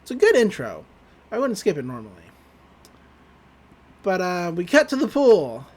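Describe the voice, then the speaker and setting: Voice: medium pitch, huge pitch swings, moderate pace, a little mellow. Rambling podcast host recapping an episode. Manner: rambling, chuckling retelling.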